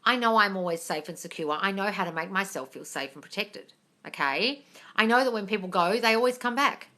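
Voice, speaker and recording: Bright-voiced woman coaching viewers live. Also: medium pitch, expressive, brisk. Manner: direct, coaching, calls listeners darling; swears casually. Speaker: manifesting coach answering viewer questions. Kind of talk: live-stream Q&A.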